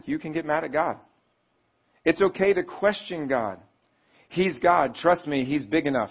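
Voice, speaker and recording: A man's voice: husky, muffled recording. A male pastor preaching a sermon in a conversational way, asking the congregation questions and acting out pleading voices. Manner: conversational, asks the audience questions; acts out pleading voices with rising pitch.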